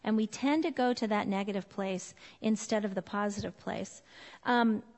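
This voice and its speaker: A woman's voice: medium pitch, moderate pace. Casting: woman in her forties, church parenting speaker, chatty and informal with fillers, recorded with long hall reverb. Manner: warm, chatty, laughs often, many fillers. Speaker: women's ministry speaker.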